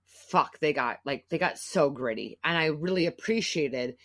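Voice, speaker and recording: A woman's voice: sits low, animated, moderate pace, a bit bright. Emotional rambling woman podcast host. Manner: emotional, rambling, swears freely. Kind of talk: casual podcast conversation.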